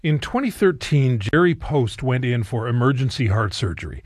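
A man presenting a news item on the radio in a measured, formal scripted read. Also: medium pitch, sing-song, no room sound, clean studio sound. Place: radio studio.

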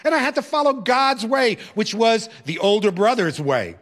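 A man telling a personal story with lots of expression, his pitch swinging widely as he goes. His voice sits a little above the usual range for a man. The telling is animated and vivid. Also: moderate pace. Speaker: former teacher and religious brother.

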